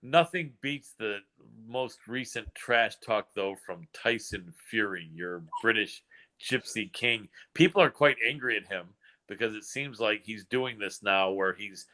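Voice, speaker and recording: An American man hosting a casual podcast chat, chatty and quick to laugh. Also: lowish voice. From United States. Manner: chatty, laughs often, excitable. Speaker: host.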